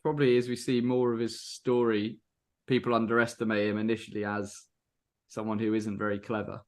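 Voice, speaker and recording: A man's voice: on the low side, little pitch movement, fairly quick. Man casually retelling lore. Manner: loose, sweary storytelling. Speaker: podcast co-host. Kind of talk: casual chat, reading out lore.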